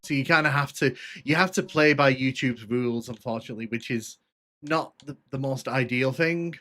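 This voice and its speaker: A man's voice: mid-range voice, moderate pace, sharp tone. A man giving casual, rambling commentary on a live game stream, answering chat with many restarts and fillers.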